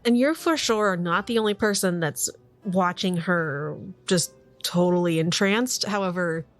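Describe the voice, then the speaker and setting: A woman game master describing scenes in a tabletop game, in a relaxed, descriptive way. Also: lowish voice, measured pace, soft background music. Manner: descriptive, relaxed, lots of "like" and "kind of".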